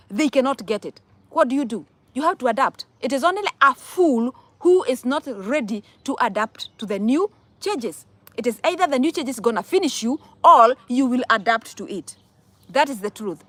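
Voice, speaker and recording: A woman's voice: high-pitched, animated, normal speed, no echo. A young woman with a Kenyan accent giving casual advice to viewers, emphatic, asking rhetorical questions and repeating words. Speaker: vlogger answering viewer questions.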